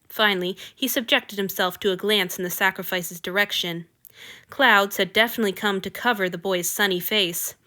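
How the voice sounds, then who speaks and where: A woman reads a fiction story aloud with expressive, lively narration. Her voice is bright and crisp. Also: medium pitch. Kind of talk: audiobook reading of fiction.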